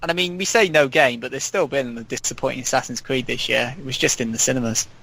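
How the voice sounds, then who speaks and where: A man's voice: medium pitch, fast talker, vocal fry, sharp tone, poor audio. A man chatting casually on a gaming podcast, wry and ribbing the others. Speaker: podcast regular.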